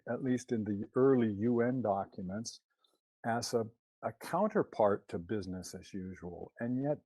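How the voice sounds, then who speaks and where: A man's voice: lowish voice, lively intonation, normal speed, warm tone, dry recording. A man presenting a talk over his slides, hesitant with many fillers and restarts, questioning and critical of what he quotes.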